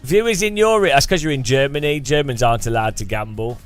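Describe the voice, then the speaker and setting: A man's voice: mid-range voice, quick pace, clean tone, faint music behind. A man chatting casually and jokily on a live game stream, laughing often. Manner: giggly, joking, laughs often. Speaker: gaming streamer.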